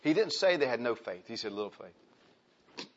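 Husky-voiced preacher man, animated. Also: medium pitch, fast talker, lo-fi sound. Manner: emphatic, animated preaching that addresses the congregation. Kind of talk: sermon.

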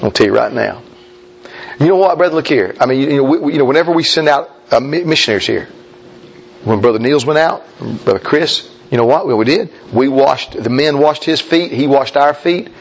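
A man's voice: expressive, brisk, vocal fry, breathy edge, highs cut off. A man preaching a folksy, emphatic sermon as a pastor, talking straight to his congregation. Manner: folksy, emphatic preaching, mimics objectors in a high voice.

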